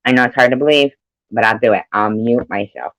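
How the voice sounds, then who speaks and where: A woman's voice: very deep voice, fairly quick, fairly bright tone, no echo, low-quality recording. A woman chatting casually on a live stream, rambling and swearing freely, laughing often between remarks. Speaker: livestreamer.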